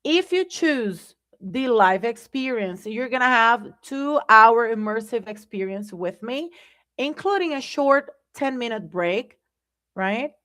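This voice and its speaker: A woman's voice: a little high, lively intonation, slow, a bit bright. A woman with a Brazilian Portuguese accent hosting a live English lesson, speaking conversationally to her viewers and often checking in with "right?". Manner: conversational, addresses viewers as "guys", keeps asking "right?". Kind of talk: live-streamed language lesson.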